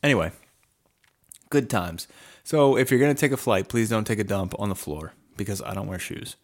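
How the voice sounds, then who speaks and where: A man's voice: fairly low pitch, moderate pace. A man co-hosting a crude, casual chat show, joking and swearing freely. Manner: joking, swears freely, puts on silly voices. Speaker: podcast co-host.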